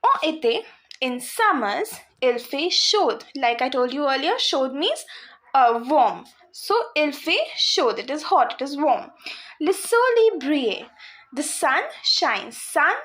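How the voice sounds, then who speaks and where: A woman's voice: sits high, a bit bright. A woman teaching a French lesson to beginners, patiently repeating words and spelling out endings. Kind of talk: slow explanatory lesson for beginners.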